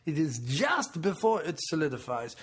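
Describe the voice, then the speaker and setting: A man putting on a mock French accent to play a saucy, boastful Frenchman with deadpan innuendo. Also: on the high side, moderate pace, breathy edge.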